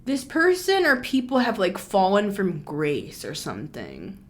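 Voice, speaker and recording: A woman's voice: mid-range voice, wildly swooping pitch, unhurried. A woman giving a casual spoken tarot reading as a channeler, chatty and blunt, with lots of filler words and some swearing.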